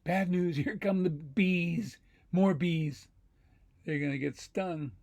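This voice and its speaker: Man putting on a high-pitched, fretful storybook mouse, slow and gravelly. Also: darkish tone. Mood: gloomy. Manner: gloomy, fretful. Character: small worried male cartoon mouse.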